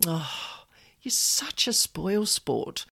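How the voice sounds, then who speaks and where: A woman voicing a sly, grinning male spirit entity who teases in a lowered, hushed voice. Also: big pitch swings, drawn-out words, gravelly, breathy edge, no echo, clean studio sound, heavily acted. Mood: sly teasing.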